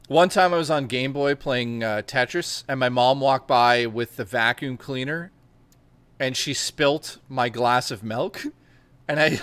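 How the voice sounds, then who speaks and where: A young man in casual chat, telling crude, animated stories with plenty of swearing and laughter. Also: mid-range voice, no room sound.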